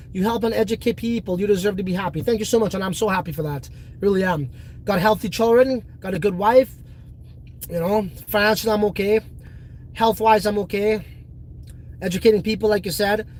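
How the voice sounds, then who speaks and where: A man's voice: high-pitched, a little fast, low-quality recording. A man hosting a livestream and chatting casually with his viewers. He talks bluntly and swears freely. He often slips into fired-up rants. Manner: blunt, profane, fired-up ranting. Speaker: livestream host.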